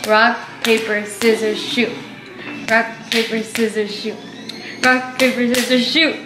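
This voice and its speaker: Young woman chatting on her vlog, giggly, lots of you knows, kinda slow, echoey room. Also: fairly high pitch, level tone, music in the background. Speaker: vlog co-host. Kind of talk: casual vlog chat.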